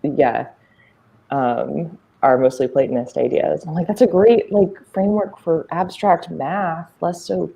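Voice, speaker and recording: A woman's voice: sits low, fairly even intonation, measured pace, gravelly, warm tone, highs cut off. A woman with a Southern US accent, a guest in a casual chat, talking hesitantly with many fillers.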